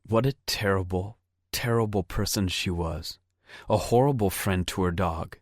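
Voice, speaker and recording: Audiobook narrator: low, unhurried, measured man, dry studio read. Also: no echo. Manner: steady, measured reading. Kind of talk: scripted narration.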